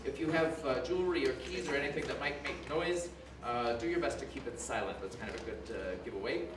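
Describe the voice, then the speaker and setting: A man's voice: medium pitch, brisk, recorded from a distance, heavy background noise. A man from Denver performing a live mentalism act on a thrust stage, with dry, wisecracking asides and a conversational stage patter. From Denver, USA. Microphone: room pickup after his microphone failed. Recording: echoey theater from afar, music behind.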